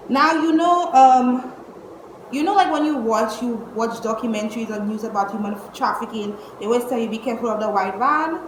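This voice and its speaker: A young woman, telling a storytime vlog at home in an exasperated, animated way, cursing and using slang. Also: a little high. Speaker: vlogger. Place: indoors at home. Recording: echoey room with faint noise.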